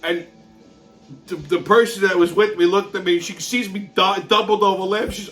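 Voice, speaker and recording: High, bright-voiced man ranting. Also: fairly even intonation, moderate pace, faint music behind. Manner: blunt, heavily profane; laughs through his own stories. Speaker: show host. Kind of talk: ranting monologue.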